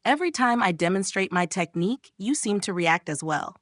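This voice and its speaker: A woman's voice: a little high, animated, moderate pace, a bit bright, no room sound, studio quality. A woman voicing a cocky, teasing young man in a manga recap, with a smug manner.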